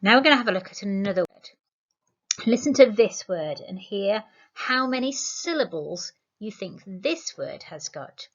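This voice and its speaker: A woman, teaching a spelling lesson to young children, slowly sounding words out syllable by syllable. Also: medium pitch, animated, muffled recording. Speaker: primary school teacher.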